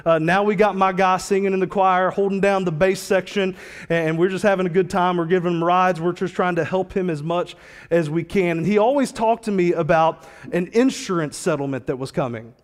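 A man's voice: high voice, a little fast, in a large hall. A man preaching a sermon as a pastor, telling a story in a casual, slangy, conversational way.

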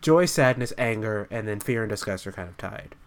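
A woman's voice: rumbling low, expressive, brisk. Young woman, dry wry comments, voice swoops around a lot. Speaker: podcast co-host. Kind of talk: casual chat.

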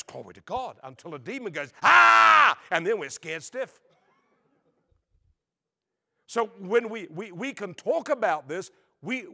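A man preaching a storytelling sermon to a congregation, animated and humorous, acting out voices and laughing along. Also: sits high. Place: church service before a congregation.

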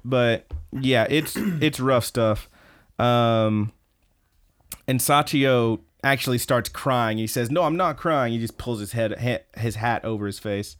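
A man's voice: mid-range voice, fairly even intonation, slow, clear, resonant tone. A man co-hosting a podcast, casually retelling a story with lots of swearing and quoted lines. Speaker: podcast co-host. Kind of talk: casual recap chat.

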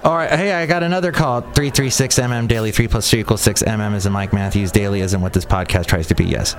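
A man's voice: on the low side, fast talker, a crowd in the background. A man hosting a casual solo podcast, rambling and sarcastic, talking to listeners. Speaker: podcast host.

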